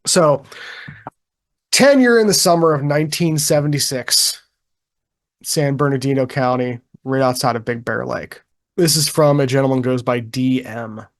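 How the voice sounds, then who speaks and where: Relaxed man reading a story aloud. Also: medium pitch, moderate pace. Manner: relaxed, chuckling, with frequent ums and restarts. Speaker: podcast co-host. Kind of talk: casual podcast chat, reading a witness account aloud.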